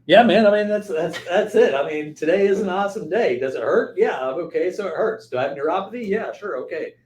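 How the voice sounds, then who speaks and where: A man's voice: high voice, lively intonation, brisk, darkish tone. A man in his fifties speaking as a podcast guest, reflective and earnest, often restarting his sentences. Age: 50s. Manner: reflective, earnest, repeats words when starting. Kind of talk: conversational interview. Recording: echoey room with faint background noise.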